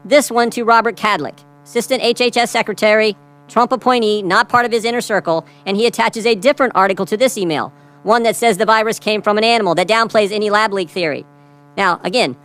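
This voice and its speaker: A man's voice: high-pitched, a bit bright, rough recording. A man giving a prepared statement at a hearing, emphatic and repeating key phrases for effect. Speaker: lawmaker speaking at a hearing.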